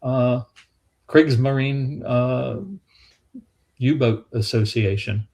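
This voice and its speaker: A man's voice: mid-range voice, steady tone, slow pace, a little mellow. A man with a Southern US accent, a museum staffer, chatting casually and telling rambling historical anecdotes with restarts. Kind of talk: casual storytelling chat.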